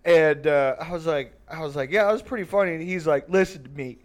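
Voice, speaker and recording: A man's voice: fairly high pitch, fairly quick. A man telling a long, rambling, profane family story on a podcast, laughing often. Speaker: podcast host. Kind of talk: casual storytelling.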